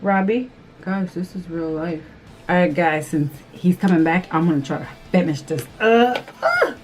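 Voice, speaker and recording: A woman vlogger chatting casually through a makeup tutorial, nervous and excitable, gasping and squealing often. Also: on the low side, normal speed. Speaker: beauty vlogger.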